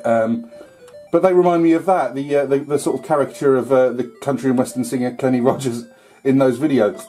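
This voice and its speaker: A man talks through an old computer game in a loose, rambling way, full of ums and the odd curse. His voice is mellow and relaxed, at a middling pitch. Faint game music plays behind him. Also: fast talker. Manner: rambling, filler-heavy, mild swearing. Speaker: retro gaming YouTuber. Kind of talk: casual gameplay commentary.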